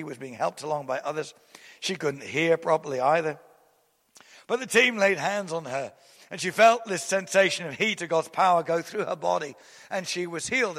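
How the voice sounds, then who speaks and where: A man preaches with a high, bright, ringing voice that swells into emphatic declarations. He tells long stories with quick restarts, and his words trail off into the long reverb of a large hall. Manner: storytelling with restarts. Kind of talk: sermon.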